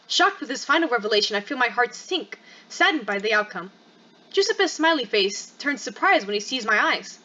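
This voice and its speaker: A woman's voice: fairly high pitch, expressive, a little fast, bright, forceful tone, highs cut off. A woman hosting a gaming channel, reading a story game aloud with emotional, dramatic reactions.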